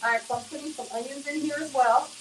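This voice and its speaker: A woman's voice: high-pitched, fairly even intonation, quick pace, slight background noise, low-quality recording. A woman hosting a casual home cooking demonstration, talking to viewers in a chatty, folksy way. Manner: chatty and folksy, addresses viewers as y'all and honey. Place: home kitchen.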